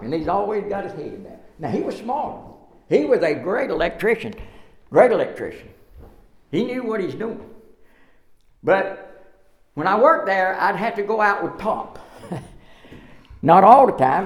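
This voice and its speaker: A middle-aged man preaching a sermon, telling folksy stories with frequent laughter. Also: sits high. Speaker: pastor.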